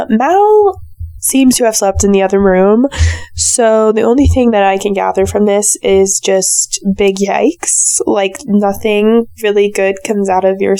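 A woman with a raspy, hoarse voice from a sore throat, giving a chatty, opinionated solo recap of a reality show. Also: a little high, dark tone, dry recording. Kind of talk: casual solo recap commentary.

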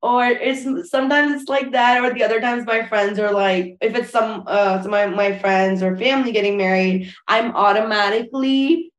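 Woman wedding planner, casual guest chat, mid pitch, roomy echo, loose and relaxed with plenty of "uh" and "like". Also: normal speed, hardly any pauses. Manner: relaxed, frequent fillers and restarts.

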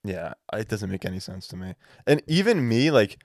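A man's voice: fairly low pitch, sing-song, moderate pace, no echo, clean studio sound. A young man co-hosting a podcast in casual chat, with a nasal voice, rambling and swearing often. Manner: rambling, profane, hesitant restarts. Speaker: podcast co-host.

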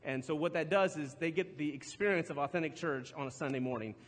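A middle-aged man preaches from the stage. His voice sits high, and the church hall rings with long reverb. He talks loosely and laughs at himself, often stumbling and starting sentences over. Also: fast. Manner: chatty, self-deprecating, laughs often, restarts a lot. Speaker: pastor. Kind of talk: sermon with storytelling. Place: church auditorium.

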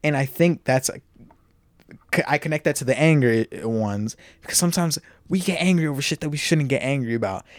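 A young man hosting a casual podcast, loud by his own account, laughing and restarting often. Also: a little high, fairly quick, dry recording, studio quality. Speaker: podcast host. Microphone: podcast mic.

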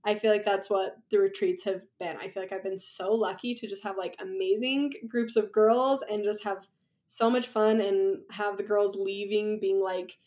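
A woman's voice: mid-range voice, steady tone, normal speed, darkish tone. A young woman talking as a podcast guest in a chatty, rambling way, laughing often. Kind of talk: casual conversation.

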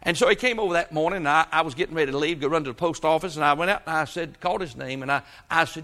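Bright-voiced preacher man. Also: fairly high pitch, rapid-fire, few pauses. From South Georgia, US. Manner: folksy storytelling with frequent amens. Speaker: pastor. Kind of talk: sermon.

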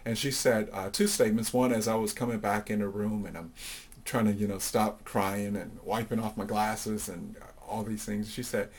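Speaking as an interview guest, a middle-aged man with a deep voice looks back over his life, pausing on fillers and giving each quoted person a distinct voice. His intonation stays fairly even at a normal speed, with a breathy edge.

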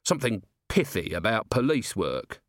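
A man's voice: on the low side, very animated, moderate pace, a bit bright, no echo. A man reading the part of a weary, sardonic police commander in an audiobook, dry and clipped. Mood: brisk. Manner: sardonic, wry.

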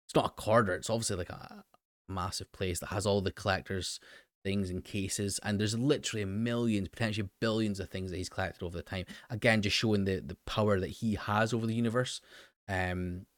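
Male recap host, low-pitched and dry, casual and rambling, stumbles over restarts. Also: steady tone, fairly quick, dry recording. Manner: rambling, many fillers and restarts. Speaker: show host recapping an episode. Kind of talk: casual commentary.

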